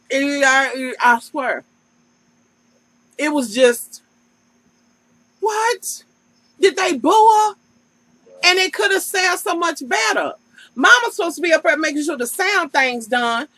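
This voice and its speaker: Sassy woman with a bright voice. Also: high voice, no room sound, poor audio. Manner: sassy, profane, talks straight to the cast. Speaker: vlogger recapping a TV show. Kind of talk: casual reality-TV recap.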